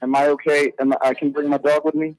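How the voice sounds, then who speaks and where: A man's voice: a little high, flat delivery, quick pace, a little mellow, no echo, rough recording. A man from New York calling into a podcast, chatting in an easygoing way. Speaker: caller. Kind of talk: casual chat.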